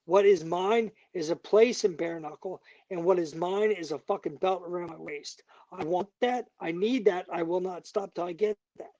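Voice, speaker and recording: A man's voice: sits high, moderate pace, few pauses, dark tone, dry recording, dull audio. A man, a bare knuckle fighter, talking as a guest in a heated interview, angry, emphatic and profane.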